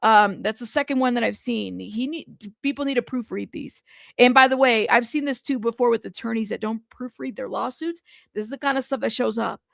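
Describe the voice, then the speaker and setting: A woman's voice: on the high side, fairly quick, creaky, fairly bright tone, no room sound, studio quality. A woman hosting a news commentary channel, reading a lawsuit aloud for her viewers and breaking into amused asides. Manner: reads legal text aloud, breaks into amused asides and laughter.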